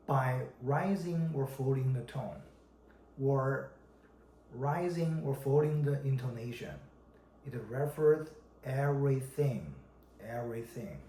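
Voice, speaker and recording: A man from China, a Mandarin speaker, teaching a language lesson, slow and deliberate, repeating each example word. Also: mid-range voice, mellow. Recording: echoey room with faint background noise.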